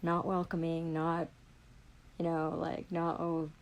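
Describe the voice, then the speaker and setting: A woman's voice: medium pitch, moderate pace, creaky, darkish tone, slightly rough, rough recording. A woman in a furious, heavily profane livestream rant. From Canada.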